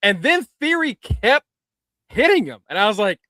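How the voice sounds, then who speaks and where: Man, podcast co-host, high bright tone, dry close mic, profane excited recap. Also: moderate pace, no room sound. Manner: animated, profane play-by-play storytelling. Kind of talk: casual chat.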